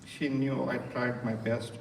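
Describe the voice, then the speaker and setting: An older man from India gives an earnest, halting funeral eulogy, his voice close to breaking. He is picked up from a distance, with a long reverb and a faint hiss underneath. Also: medium pitch, flat delivery, creaky, a little mellow. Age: 60s. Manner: earnest, halting, pausing often. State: emotional. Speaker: brother giving a eulogy. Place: funeral hall. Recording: echoey hall from far off, faint noise.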